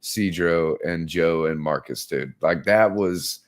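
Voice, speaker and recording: Brief: man doing a very deep-voiced podcast co-host, loose and profane, acts out the dialogue. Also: takes it slowly, no room sound, clean studio sound. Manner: profane, animated storyteller who acts out quotes. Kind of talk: casual chat.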